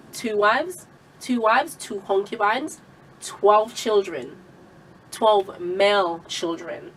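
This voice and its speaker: A woman's voice: a little high, recorded from a distance, a little hiss or hum, low-quality recording. A woman giving an informal Bible teaching, telling the story conversationally with many asides. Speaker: Christian vlogger sharing a Bible message.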